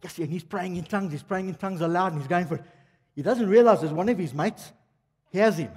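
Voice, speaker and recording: A man's voice: high-pitched, quick pace, darkish tone, breathy edge. An older man preaching a sermon, talking straight to the congregation and firing off rhetorical questions. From South Africa. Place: church hall. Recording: long reverb of a church hall.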